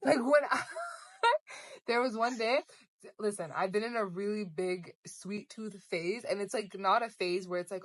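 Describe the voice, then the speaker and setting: A woman's voice: medium pitch, expressive, a little slow, no echo. A young woman co-hosting a podcast in casual chat, playful and dramatic, laughing along with her friend. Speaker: podcast co-host.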